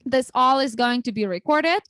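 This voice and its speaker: Woman hosting a livestream chat, kinda high voice, upbeat, restarts a lot, dry sound. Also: expressive, moderate pace, fairly bright tone, dry recording. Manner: chatty and upbeat, with frequent restarts. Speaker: livestream interview host. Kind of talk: casual chat.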